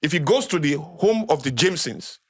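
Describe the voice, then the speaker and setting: A man's voice: fairly high pitch, animated, moderate pace, no room sound. A man with a Nigerian accent, a podcast guest lecturing in a conversational way, repeating key phrases for emphasis. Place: podcast studio.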